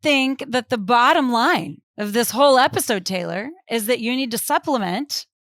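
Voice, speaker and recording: A woman's voice: fairly high pitch, animated, moderate pace, a bit bright, dry recording, studio quality. A middle-aged woman guesting on a podcast, chatting in a playful way and acting out little quotes. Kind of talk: casual chat.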